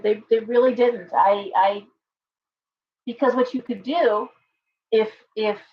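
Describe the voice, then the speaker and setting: A woman's voice: mid-range voice, muffled recording, a little hiss or hum. Earnest rambling woman livestream host. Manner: rambling, reading viewer comments aloud; earnest, with many fillers and restarts. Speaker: livestream host and tarot reader. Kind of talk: casual live-stream chat.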